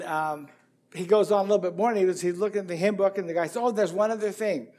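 High-voiced pastor telling folksy stories. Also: male voice, darkish tone. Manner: folksy, rambling anecdotal delivery with quoted dialogue. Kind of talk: sermon with storytelling.

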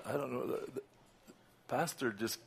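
Before preaching as a guest, an older Southern US man chats casually in a gravelly, medium-pitched voice over a very noisy recording. His asides come with laughter, and his praise rises loud and slow.

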